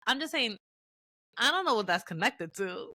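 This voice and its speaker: A woman telling animated stories on a casual podcast, laughing through them. Her voice is bright and forward. It is recorded close and dry, with no room sound. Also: a little high, moderate pace, no room sound. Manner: animated storyteller who laughs often. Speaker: podcast co-host. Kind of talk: casual chat.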